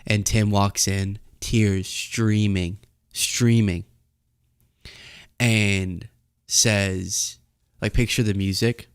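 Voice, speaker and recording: A man's voice: fairly low pitch, fairly even intonation, very slow, long pauses, clean tone, no echo, clean studio sound. A young adult man hosting a casual political commentary show, rambling and improvising a comic story. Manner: rambling, improvising a comedy bit. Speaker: host.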